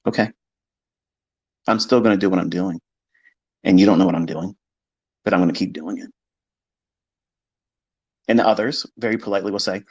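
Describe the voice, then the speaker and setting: A man's voice: on the low side, normal speed, pauses often, breathy edge, dry recording. A man giving a blunt, profane, combative monologue about trading, mimicking his critics along the way. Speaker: trading educator. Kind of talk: unscripted monologue lecture.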